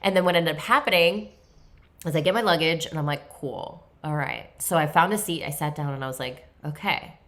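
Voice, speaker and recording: Low-voiced woman telling a rambling story. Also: fast talker, a bit bright. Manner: chatty, heavy on fillers like "like" and "you know", laughs at herself. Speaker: podcast host. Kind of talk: casual storytelling monologue.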